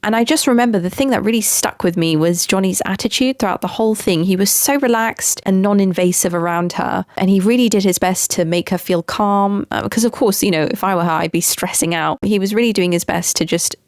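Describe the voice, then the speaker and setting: A woman's voice: mid-range voice, a little fast, few pauses, dry recording, clean studio sound. A woman hosting a solo podcast, talking enthusiastically in a chatty way, with many fillers and restarts. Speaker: podcast host. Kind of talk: casual solo podcast commentary.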